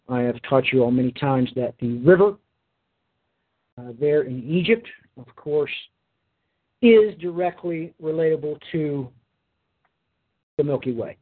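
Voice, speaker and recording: A man's voice: mid-range voice, phone-quality sound. A tired man teaching a Bible lesson, reading scripture aloud and then explaining it with frequent hesitant fillers. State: tired, yawning.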